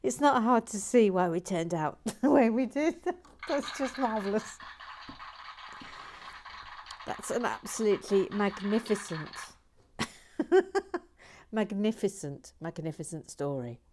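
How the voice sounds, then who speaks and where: A woman hosting a relaxed building stream, chatting playfully, reading comments aloud and laughing. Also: medium pitch, slow pace, pauses often, background noise. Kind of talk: casual chat while building.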